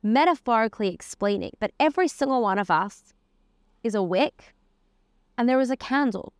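A woman teaching Torah walks through the weekly portion casually, quoting verses and using Hebrew terms along the way. She speaks at a normal speed in a highish, lively voice, captured dry and clean in a studio.

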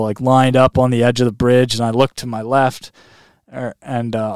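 Man, casual storyteller, smooth low voice, close dry mic. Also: no room sound. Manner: animated, heavy on fillers like "like" and "man". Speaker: guest recounting a long lake swim.

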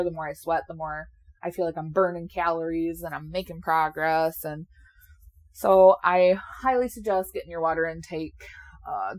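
A woman in her late twenties chatting casually and candidly, laughing often and swearing now and then, a little sleepy. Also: on the low side. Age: 20s. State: sleepy, yawning. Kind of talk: casual chat.

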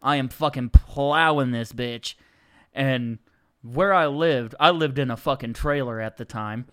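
A man's voice: medium pitch, measured pace, fairly bright tone, smooth. A man as a podcast guest telling stories in a rowdy, profane, casual way. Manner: rowdy, profane, laughs often. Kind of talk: casual chat, storytelling.

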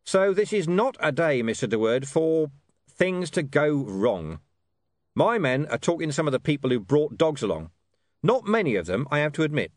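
A gruff watch commander with a dry, quietly menacing manner, as a male narrator voices him. His delivery is lively and shifts a lot in pitch. The sound is dry and close, with no room around it. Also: moderate pace, no room sound. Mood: dry, wary.

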